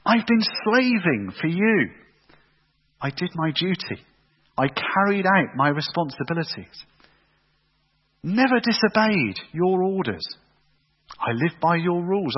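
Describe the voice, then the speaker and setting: A man's voice: high-pitched, slightly rough, exaggerated voice. A man voicing a bitter, indignant older son. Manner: aggrieved, self-justifying. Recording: echoey hall, dull lo-fi sound.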